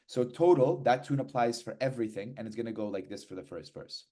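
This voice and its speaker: A man teaching hymns, explaining patiently and then chanting verses slowly. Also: medium pitch, lively intonation, warm tone. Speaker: hymn teacher. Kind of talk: hymn lesson, speaking and chanting.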